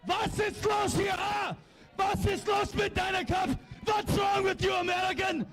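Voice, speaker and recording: A man doing a shouting fake-German wrestling heel. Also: very high voice, level tone, unhurried, creaky, over music, crowd noise, full character voice. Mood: furious ranting. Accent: put-on German accent. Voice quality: loud, ranting, mixes broken German and English. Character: arrogant German heel wrestler, male, blustering.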